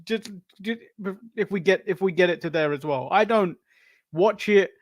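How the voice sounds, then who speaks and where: A man's voice: sits high, normal speed. An English man co-hosting a wrestling podcast, chatting casually, laughing often and restarting his sentences. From England. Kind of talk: casual chat.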